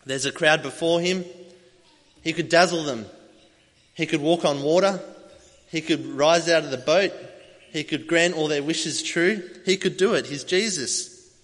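A man's voice: on the high side, a little slow, long pauses, a bit bright. A man preaching a sermon, telling a story with animation and acting out voices as he goes. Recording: long hall reverb.

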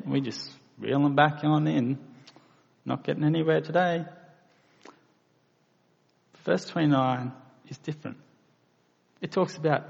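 A man's voice: medium pitch, gravelly, a little mellow, husky. A man preaching a sermon, earnest and plain-spoken, acting out quoted voices now and then. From Australia. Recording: lo-fi recording in a reverberant hall.

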